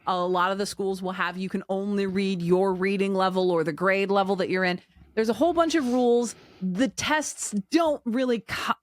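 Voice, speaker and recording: A woman in her forties, co-hosting a casual podcast chat at a medium pitch. She tells stories candidly and acts out the dialogue, and the recording is dry and close. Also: no echo. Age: 40s. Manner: candid, animated storytelling with quoted dialogue. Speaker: podcast co-host.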